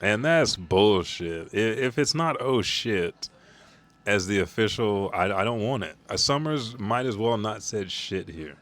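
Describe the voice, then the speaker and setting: A man's voice: on the low side, lively intonation, moderate pace, hardly any pauses, fairly bright tone. A man hosting a live comic reaction stream, talking casually with profane, laughing asides. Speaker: host.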